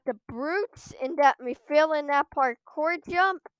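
A woman's voice: sits high, a little slow, dry recording. A woman giving live commentary on her own gameplay at a computer, ranting in frequent exasperated outbursts. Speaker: gamer streaming her own play.

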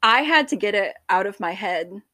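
A woman co-hosting a casual book podcast, excitable and profane, acting out scenes as she talks. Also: mid-range voice, moderate pace, no room sound. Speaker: podcast co-host.

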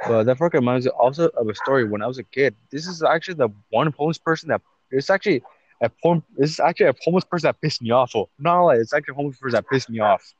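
A man's voice: mid-range voice, racing, no echo, highs cut off. A young man co-hosting a casual podcast, talking in slangy, profane banter and calling his friend "fool" and "bro". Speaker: podcast co-host. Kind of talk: casual chat.

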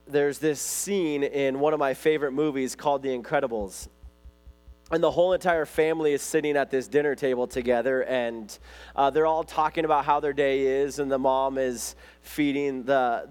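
A man preaching a sermon in a loose, conversational way, telling stories with lots of fillers and restarts. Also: mid-range voice. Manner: conversational storytelling, lively retelling. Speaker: pastor.

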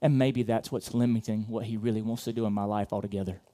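A man preaching a sermon as pastor, talking conversationally with many fillers and restarts, swinging between loud emphatic bursts and quiet asides. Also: on the low side, fairly even intonation, fast talker. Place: church auditorium.

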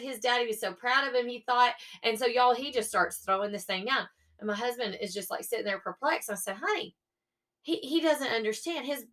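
A woman's voice: a little high, pushed and bright. A young woman hosting a faith-based motivational podcast, upbeat and coaxing, often checking in with her listeners. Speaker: podcast host.

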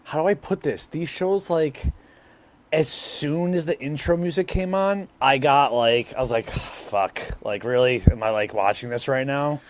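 A man on a casual podcast, giving his opinion haltingly and restarting as he searches for words. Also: medium pitch. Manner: hesitant, rambling, searching for words. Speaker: podcast co-host.

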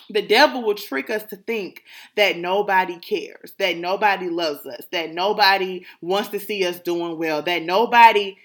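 A woman's voice: mid-range voice, a bit bright. A woman, talking through a personal reflective monologue, emphatic and repeating phrases of gratitude like a prayer.

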